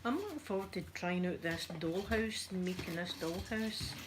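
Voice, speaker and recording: A Scottish woman making a casual, soft-spoken ASMR chat video at home while ironing, rambling and poking fun at herself. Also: lowish voice, animated, moderate pace, background noise. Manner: chatty, rambling, self-deprecating. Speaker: ASMR YouTuber.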